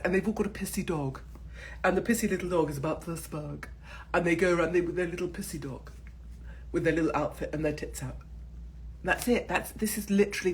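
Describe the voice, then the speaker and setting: A woman's voice: deep voice, a little hiss or hum. Blunt, profane English woman ranting. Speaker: channel host. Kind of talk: casual rant to camera. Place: in Miami.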